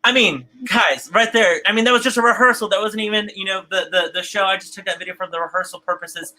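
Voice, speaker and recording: A man hosting an online theater broadcast, chatting warmly and reading out viewer comments, often stumbling and repeating words. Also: high voice, fast talker, noisy background. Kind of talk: live-stream host reading viewer comments.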